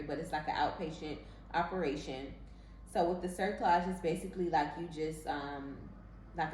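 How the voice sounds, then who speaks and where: Low-voiced young woman telling a story. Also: a little hiss or hum. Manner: chatty, filler-heavy with frequent "like". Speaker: vlogger. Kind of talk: casual storytelling. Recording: roomy echo from some distance.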